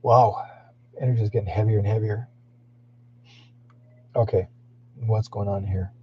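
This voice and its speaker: A man's voice: lowish voice, fairly even intonation, measured pace, slight background noise. A man hosting a psychic live stream, talking in a meandering way with frequent fillers and restarts. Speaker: psychic livestream host. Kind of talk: rambling live-stream talk. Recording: dull lo-fi stream audio.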